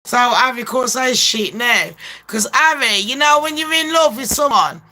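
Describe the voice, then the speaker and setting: A woman's voice: on the high side, expressive, normal speed, bright, forceful tone. A woman ranting in a casual gossip vlog, brash and full of swearing, laughing often. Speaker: gossip vlogger.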